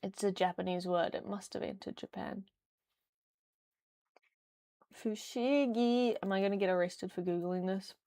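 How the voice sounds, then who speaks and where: A woman's voice: lowish voice, monotone, quick pace, vocal fry, few pauses, mellow, dry recording. A young woman chatting casually on a livestream, rambling with lots of fillers. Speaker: streamer.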